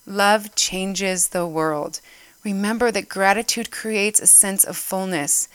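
A woman's voice: medium pitch, steady tone, slow pace, fairly bright tone, clear, resonant tone, no room sound. A woman giving an earnest devotional talk, reading a story aloud and getting emotional as she goes. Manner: emotional, earnest, gets choked up. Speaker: church speaker.

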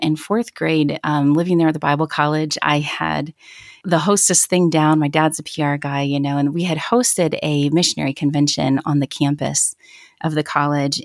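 A woman in her thirties tells her own story as an interview guest. Her voice sits low with a gravelly fry, and she speaks earnestly and reflectively, circling back to restart her thoughts. The sound is dry and close. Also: no echo. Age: 30s. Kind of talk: personal testimony in an interview.

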